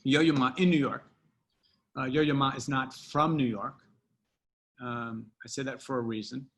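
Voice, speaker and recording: A man who wrote a book, from the United States, answering at length in an interview with emphatic pauses and restarts. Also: mid-range voice, fairly even intonation. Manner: emphatic, drawn-out, many restarts. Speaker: podcast guest, author.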